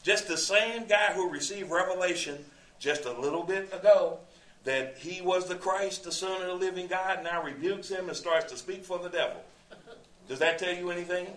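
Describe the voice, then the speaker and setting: A man's voice: high voice, fairly even intonation, moderate pace, fairly bright tone. Echoey, distant male preacher. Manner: conversational, rhetorical questions, quotes scripture. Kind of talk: sermon, verse-by-verse Bible teaching. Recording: echoey room, distant mic.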